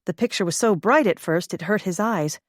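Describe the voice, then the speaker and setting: Scripted audiobook narration comes from a woman whose voice sits in the mid-range, and she tells the story in a steady, measured way. The studio-quality recording has no echo.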